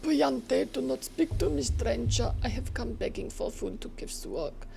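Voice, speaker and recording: Solemn herb-woman from a game, read by a woman streamer: formal, hushed, raised pitch. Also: expressive, moderate pace, vocal fry, a little hiss or hum. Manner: solemn, formal, half-whispered. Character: solemn young steppe herb-woman in a torn dress. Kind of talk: reading game dialogue aloud.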